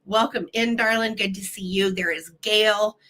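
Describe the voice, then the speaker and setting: A woman's voice: mid-range voice, fairly even intonation, normal speed, sharp tone. A woman with a cold hosting a live sale stream, chatting casually and greeting viewers with playful nicknames. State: has a cold.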